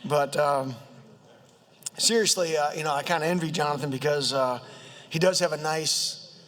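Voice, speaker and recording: Southern guy, kinda squeaky high voice, ribbing his desk mate with lots of ums, big echoey chamber. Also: a bit bright. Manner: halting, many fillers, joking. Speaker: state legislator introducing a colleague. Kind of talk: humorous floor speech. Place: state house chamber. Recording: long reverb of a legislative chamber.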